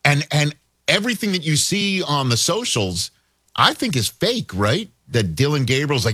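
A man's voice: a little high, very animated, normal speed, pushed and bright, husky, dry recording. A man hosting a sports talk radio show, talking emphatically and repeating words as he builds his points.

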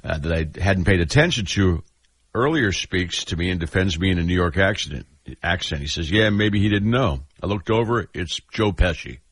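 Deep husky guy hosting a radio show, dry close mic, easygoing. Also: animated, a little fast, fairly bright tone, no echo. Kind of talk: casual radio talk, reading listener messages.

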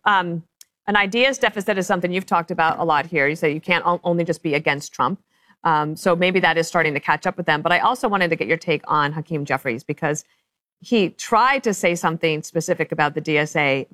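A woman hosting a TV panel talk show, brisk and conversational as she opens the hour and leads into clips. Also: fairly low pitch, dry recording. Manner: brisk, conversational, lively intros. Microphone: studio mic. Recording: dry studio sound.

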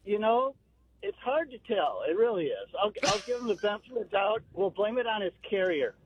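A man's voice: sits high, big pitch swings, brisk, a little hiss or hum. A man calling in to a talk radio show, easygoing and cracking dry jokes with the host. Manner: easygoing, wry and joking. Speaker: caller. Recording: thin phone line.

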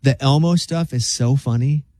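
A man's voice: medium pitch, normal speed, no echo, studio quality. A man hosting a radio show, chatting casually and joking as he reads stories out. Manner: joking, animated storyteller who slips into silly voices.

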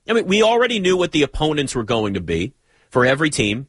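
A man hosting a live sports talk show, talking in an animated, joking way with rambling asides. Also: a little high, fast talker, breathy edge, no echo, studio quality. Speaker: radio sports talk host.

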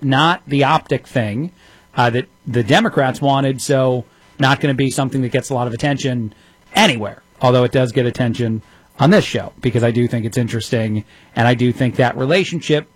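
A sarcastic male radio host in his thirties, talking through the news with plenty of ums and uhs. His voice sits at an ordinary middle pitch, and the studio sound is dry and close. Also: dry recording. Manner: sarcastic, rapid-fire delivery with frequent fillers. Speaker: radio talk show host. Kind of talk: opinionated radio commentary.

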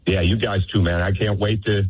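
A basketball coach calling in as a radio guest, talking emphatically and persuasively. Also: male voice, on the low side, steady tone, a little fast. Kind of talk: phone interview. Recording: phone line.

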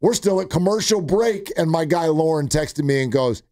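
Animated sports radio host, dry studio. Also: male voice, on the high side, fairly quick, hardly any pauses, no room sound. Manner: animated storytelling with quoted asides. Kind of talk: sports talk radio chat.

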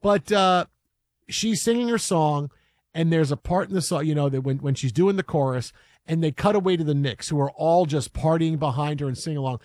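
A man's voice: on the high side, fairly quick, darkish tone, no echo, studio quality. A man hosting sports talk, rambling and emphatic with many restarts. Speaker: sports radio host.

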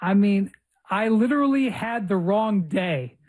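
A woman's voice: mid-range voice, animated, measured pace, darkish tone. A woman hosting a basketball podcast, telling a story animatedly and repeating phrases for effect. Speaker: podcast host. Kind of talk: casual chat.

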